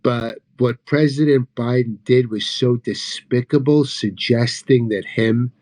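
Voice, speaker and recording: Over news clips, a man delivers crude, sarcastic, profane mockery, lurching from loud outbursts to low mutters. He takes his time with it.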